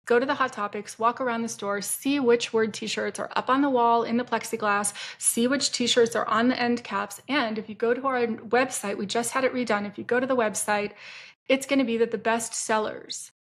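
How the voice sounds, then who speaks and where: Woman, middle-aged, candid storytelling, chatty, self-deprecating, somewhat high voice. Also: steady tone, moderate pace. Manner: frank, chatty, self-deprecating with bursts of laughter. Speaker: entrepreneur telling her story. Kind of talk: candid personal storytelling to camera.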